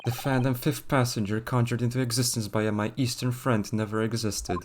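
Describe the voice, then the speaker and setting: A man voicing a haughty prosecutor in a fan dub of a game, with slow, theatrical, grandiloquent delivery. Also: medium pitch, level tone, slight background noise, lightly acted. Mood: pompous.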